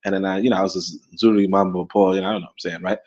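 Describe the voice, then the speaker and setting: A man's voice: low-pitched, steady tone, rapid-fire, muffled recording. A Caribbean-born man co-hosting a casual podcast livestream, rambling, repeating words and chuckling as he talks. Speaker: podcast co-host. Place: abroad in Africa.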